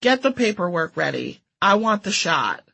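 A sour old female cat with no patience left, grumbling her complaints in a flat, dry way, as the narrator gives her a voice. Her tone stays bright and clear, with an edge of weary contempt. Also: medium pitch, normal speed, full character voice. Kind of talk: storytelling reading.

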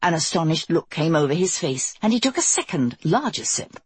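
A woman narrating a fantasy audiobook in a measured, even storytelling way. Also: low-pitched, husky, no echo.

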